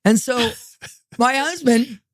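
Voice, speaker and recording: Brief: expressive female storyteller, dry close sound, animated delivery. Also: a little high, slow, no echo. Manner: animated, acts out quoted voices. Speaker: podcast guest, minister. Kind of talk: storytelling in a podcast interview.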